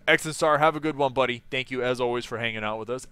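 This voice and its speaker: Young male streamer, casual and chatty, laughs a lot, mid-pitched voice. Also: fast talker, bright, forceful tone, smooth, no room sound. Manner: chatty, laughs often, reads chat aloud. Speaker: game streamer. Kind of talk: casual live-stream chat.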